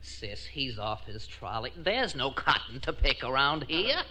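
An actor playing a whiny, wisecracking relative in a 1950s radio sitcom. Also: male voice, mid-range voice, very animated, unhurried. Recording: hissy old radio transcription.

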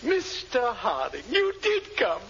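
A fawning, wildly swooping shopkeeper. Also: male voice, very high-pitched, wildly swooping pitch, slow pace, a bit bright, heavily acted. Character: fawning middle-aged male shopkeeper, anxious to please. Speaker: store owner. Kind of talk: 1940s radio acting. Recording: muffled old radio recording with hiss.

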